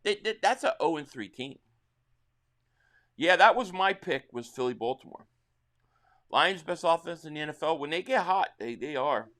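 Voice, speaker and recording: High-voiced excitable football streamer, man. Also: moderate pace, long pauses. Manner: excitable play-by-play calling, reading viewer chat. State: slightly losing his voice. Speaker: live stream host. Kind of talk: live sports reaction stream.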